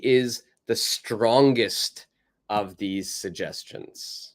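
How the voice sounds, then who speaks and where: Male English teacher, animated delivery, slow deliberate pacing. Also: medium pitch. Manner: lively, greets viewers by name, reads example dialogues aloud. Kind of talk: online English lesson.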